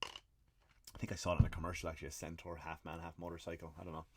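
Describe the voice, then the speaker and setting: An Irish man hosting a comedy podcast, telling a story in a profane, animated ranting monologue with acted-out quotes. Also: low-pitched, fast talker, background noise. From Ireland.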